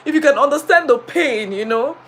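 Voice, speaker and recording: Bright, high Nigerian woman telling stories. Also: brisk, a little hiss or hum. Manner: animated, dramatic storyteller who laughs through her words. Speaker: teacher and vlogger. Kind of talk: casual storytelling live stream.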